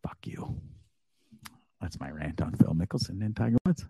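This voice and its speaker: A man's voice: low-pitched, animated, quick pace, creaky, breathy edge, no room sound. Profane ranting man, dry close sound. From Canada. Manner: profane, blustery, swings into shouted outbursts. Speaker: show host. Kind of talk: ranting live show monologue.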